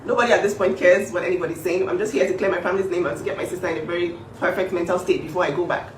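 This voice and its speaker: A woman's voice: lowish voice, steady tone, rapid-fire. A woman speaking up for her younger sister in a casual vlog, emphatic and repetitive, with many fillers. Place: home kitchen. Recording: echoey room, mic at a distance, faint background noise.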